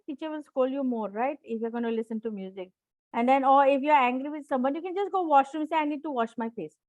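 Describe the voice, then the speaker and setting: A high-voiced woman coach teaches a class over a video call, encouraging her students and repeating her key phrases. She keeps checking in with short questions. The sound is dry and close. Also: dry recording. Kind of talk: live online class on self-management.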